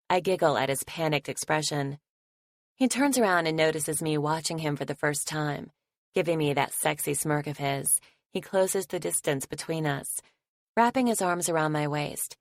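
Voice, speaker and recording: A woman narrating a first-person romance audiobook in a soft, affectionate way. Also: low voice, no room sound.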